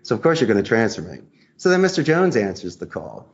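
Animated man on a muffled call. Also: lowish voice, fast talker, creaky. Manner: lively, theatrical, laughs often. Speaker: guest, customer service trainer. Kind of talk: animated interview talk acting out sales calls. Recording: muffled lo-fi audio.

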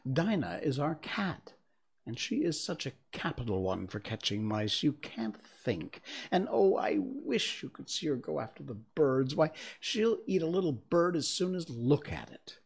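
A man's voice: fairly high pitch, sing-song, a little slow, gravelly, breathy edge, pitched above the performer's own voice, heavily acted. A man voicing a polite, eager young girl in a storybook reading, in a raised, pleading voice.

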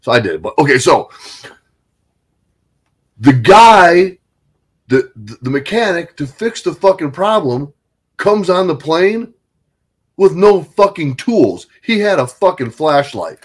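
A man in casual chat, telling profane, animated stories with lots of swearing. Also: on the high side, slow, long pauses, slightly rough.

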